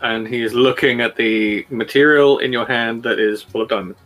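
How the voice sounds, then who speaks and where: A man in a middle register runs a tabletop game, narrating scenes with frequent pauses and restarts. Faint music sits behind him. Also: mid-range voice, fairly even intonation, a bit bright. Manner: hesitant, many fillers and restarts. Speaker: game master.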